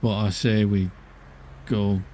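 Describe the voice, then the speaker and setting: A man's voice: fairly low pitch, flat delivery, slow, dark tone. A man playing a tabletop game, casual and laughing, swearing offhandedly. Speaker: player.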